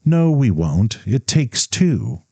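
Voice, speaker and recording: A man voicing a cheerful, gently mocking young woman in a storybook reading. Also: medium pitch, sing-song, takes it slowly, gravelly, slightly rough, no echo, pitched above the performer's own voice, exaggerated voice. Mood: teasing. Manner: light, amused, gently mocking.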